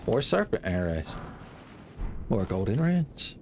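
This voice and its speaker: A young man giving playful, joking commentary over his own gameplay, breaking into loud exclamations. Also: medium pitch, animated, moderate pace, a little hiss or hum. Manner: playful, jokey, swings into loud shouted exclamations. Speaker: gaming video creator.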